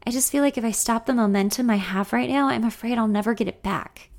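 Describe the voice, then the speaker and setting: A young newly married woman friend, anxious and emotional, her voice lifting higher and brighter than the narrator's plain reading. A woman narrator puts her on while reading the story aloud. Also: fast talker, creaky. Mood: sad.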